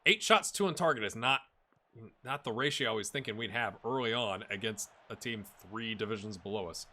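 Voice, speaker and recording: A middle-aged man with a lowish voice talks briskly through his football management game, chatting with his viewers. This gaming YouTuber's casual Let's Play commentary is animated and chatty, addressing both viewers and players.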